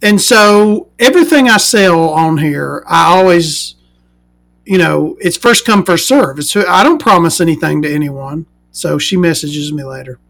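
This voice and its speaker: Sarcastic, gravelly-voiced woman vlogger. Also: low voice, animated, a little slow, a bit bright. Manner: sarcastic, profane and mocking. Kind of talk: casual storytelling rant.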